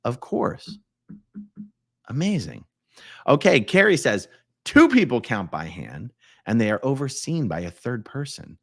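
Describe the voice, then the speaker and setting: A man hosting a casual live stream, his pitch leaping around as he chats and jokes. He reads viewer comments out loud, shifting from loud exclamations to quiet mumbled asides. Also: big pitch swings, normal speed, creaky, soft background music. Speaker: livestream host.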